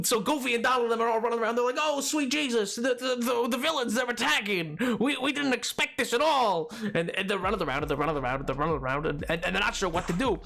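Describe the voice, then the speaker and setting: A man streaming a game, chatting in an animated, rambling way and often cutting himself off mid-sentence. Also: high-pitched. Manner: animated, rambling, self-interrupting. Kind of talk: casual chat while gaming.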